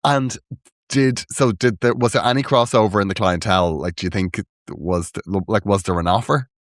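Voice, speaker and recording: A man's voice: fairly low pitch, brisk, dry recording, studio quality. A man co-hosting a comedy podcast, chatting animatedly, joking and laughing often. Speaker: podcast co-host. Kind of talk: casual comedy chat.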